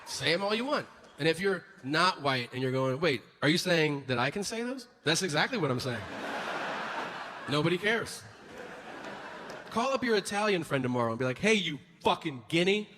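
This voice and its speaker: A male stand-up comedian with a high voice that swings widely as he tells his story. He acts out each character and swears freely. The live recording carries clear noise under him. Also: animated, moderate pace. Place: stage before a laughing audience. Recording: noisy live show recording.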